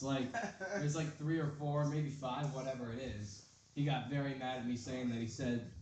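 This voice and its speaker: A young man doing a stand-up set, rambling, self-deprecating and deadpan. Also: medium pitch, fairly quick. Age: young adult. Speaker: stand-up comedian. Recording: echoey club from far off. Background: crowd noise.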